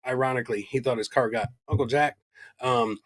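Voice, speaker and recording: A man's voice: medium pitch, fairly even intonation, a little fast, a bit bright. Joking, rambling male podcast host. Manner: rambling, joking, swears a lot. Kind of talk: casual podcast chat.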